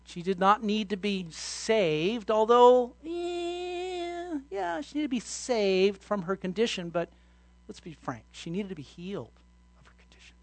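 Man preaching an animated sermon. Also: sits high, unhurried, no echo. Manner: storytelling, acting out scenes with shouts. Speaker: pastor.

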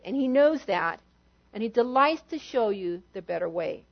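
Woman pastor, high voice, lively sermon delivery, muffled low-fi sound. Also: normal speed. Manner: animated, acts out quotes with shifting volume.

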